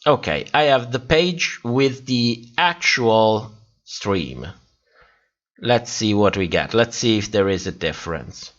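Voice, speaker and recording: A tired man hosts a livestream, drifting through viewer comments at an unhurried pace. His pitch rises and falls a lot as he chats, and he breaks into laughter often. The sound is dull and lo-fi, like typical stream audio. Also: lively intonation, a bit bright. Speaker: livestream host. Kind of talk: casual chat reading live comments.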